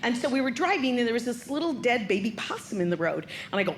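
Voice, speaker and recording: A woman's voice: fairly high pitch, animated, fast, few pauses, roomy sound, slight background noise. A woman from California doing a stand-up routine, telling wry stories about being a mom. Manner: storytelling, wry mom humor. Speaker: stand-up comedian.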